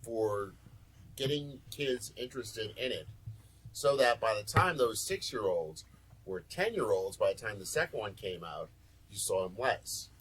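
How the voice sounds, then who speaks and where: A man's voice: lowish voice, animated, a little slow, a bit bright, husky, rough recording. A man hosting a casual podcast, ranting and joking. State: sore back. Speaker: podcast host.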